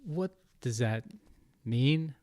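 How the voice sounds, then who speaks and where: A man's voice: mid-range voice, expressive, drawn-out words, a little mellow, no room sound. A man hosting a podcast interview, asking curious, probing questions. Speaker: podcast host.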